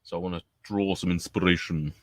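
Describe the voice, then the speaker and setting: A man's voice: deep voice, fairly even intonation, fairly quick, a bit bright, no room sound. A man co-hosting a podcast, joking, swearing and laughing through casual banter. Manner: jokey and giggly, swearing freely. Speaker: podcast co-host.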